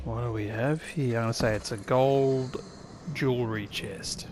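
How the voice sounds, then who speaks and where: A man's voice: medium pitch, steady tone, a little slow, over loud music. A man with an Australian accent hosting a let's-play, chatting and thinking aloud with sudden exclamations. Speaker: gaming channel host. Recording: loud game noise behind the voice.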